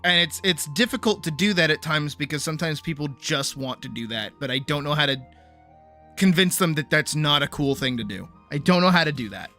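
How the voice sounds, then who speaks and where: A woman's voice: sits low, lively intonation, brisk, a bit bright, faint music behind. A woman streamer chatting casually with her live audience, rambling and acting out other people's voices, swearing freely.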